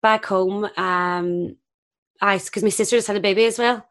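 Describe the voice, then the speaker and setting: A woman's voice: mid-range voice, steady tone, moderate pace, smooth. A woman with a Northern Irish accent, a guest sharing candid anecdotes in a casual chat. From Northern Ireland. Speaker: actress guest.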